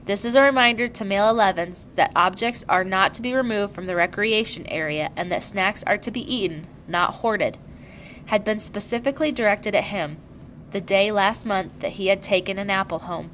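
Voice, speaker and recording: A woman narrating a novel aloud in a measured, clear storytelling manner. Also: mid-range voice, fairly bright tone, slight background noise, poor audio. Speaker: audiobook narrator. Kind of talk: scripted narration.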